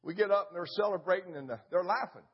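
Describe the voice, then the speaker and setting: An older man, a pastor, telling a story in a sermon, animated and full of sound effects. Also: high-pitched, fast talker, breathy edge, highs cut off.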